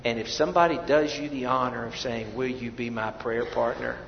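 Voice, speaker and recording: A male pastor preaching a sermon, swinging between soft, hushed lines and loud emphatic ones and often repeating words as he restarts. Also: mid-range voice, steady tone, fairly quick, gravelly, slight background noise. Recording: echoey hall, dull lo-fi sound.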